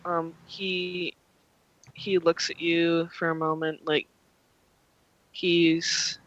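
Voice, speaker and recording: A young adult game master narrating a tabletop role-playing game, rambling with many ums and likes. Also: male voice, a little high, little pitch movement, drawn-out words, a bit bright, no echo, dull audio.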